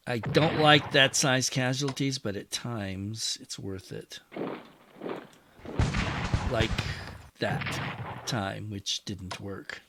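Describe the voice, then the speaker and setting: A man's voice: fairly low pitch, fairly even intonation, very slow, pauses often, noisy background. A man hosting a strategy game play-through, musing aloud and talking to his units as he moves them. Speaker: wargame channel host.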